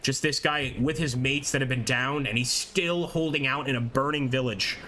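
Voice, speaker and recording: A man giving chatty, excited live commentary on a strategy war game, reading chat aloud and laughing often. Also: medium pitch, moderate pace, a little hiss or hum. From American. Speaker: gameplay streamer.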